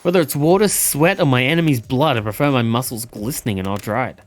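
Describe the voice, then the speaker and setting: A man voicing a brutish, muscle-proud male killer in a game, gruff and low. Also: fairly quick, faint music behind, lightly acted. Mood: boastful. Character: brutish muscular male killer, vain and blunt.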